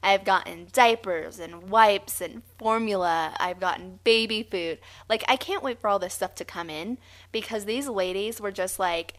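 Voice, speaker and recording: A woman's voice: medium pitch, moderate pace, fairly bright tone. Laughy playful woman cohost just chatting on a podcast. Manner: giggly, playful. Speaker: podcast co-host. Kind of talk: casual podcast chat.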